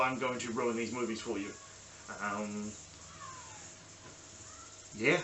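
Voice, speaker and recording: A man's voice: mid-range voice, takes it slowly, long pauses, sharp tone. Chatty New Zealand man in an echoey room. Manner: rambling, enthusiastic, many ums and restarts. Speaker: podcast host. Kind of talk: casual solo review vlog. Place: small sunny room at home. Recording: echoey room with faint background hiss.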